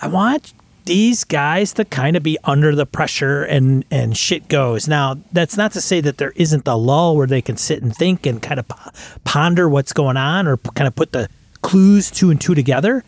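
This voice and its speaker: A man's voice: a little high, expressive, moderate pace, dry recording. Thoughtful, rambling man on games. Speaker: podcast co-host, game master. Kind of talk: casual chat about running tabletop games.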